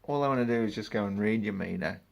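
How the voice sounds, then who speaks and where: A man's voice: fairly low pitch, fast talker, vocal fry. A man, ranting in a vlog about his work as a meter reader, swearing and exasperated.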